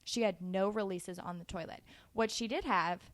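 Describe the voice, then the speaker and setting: A woman in her twenties giving casual, animated parenting advice in a chatty way, laughing easily. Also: medium pitch, normal speed. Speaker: parenting vlogger.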